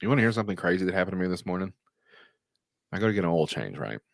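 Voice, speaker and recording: A man's voice: sits low, sing-song, racing, creaky, no room sound, clean studio sound. A man talking casually as a podcast guest, blunt and crude and swearing freely. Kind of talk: casual chat.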